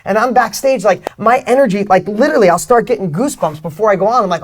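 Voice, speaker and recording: A middle-aged man, a guest author and speaker, giving energetic motivational talk in an interview, emphatic and swinging between loud bursts and soft asides. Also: high voice, fast, hardly any pauses.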